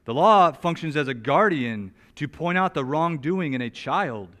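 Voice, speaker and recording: A man preaching an expository sermon. He talks in an animated, emphatic way, rises loudly on some points, and drops to a soft, slow voice on others. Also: a little high. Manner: animated, emphatic, with wide swings in loudness. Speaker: pastor.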